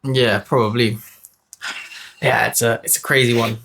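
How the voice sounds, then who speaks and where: Male co-host, middle voice, quiet, interjecting. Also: medium pitch, steady tone, a little hiss or hum. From United Kingdom. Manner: short interjections, halting questions. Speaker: podcast co-host. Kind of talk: casual debate chat.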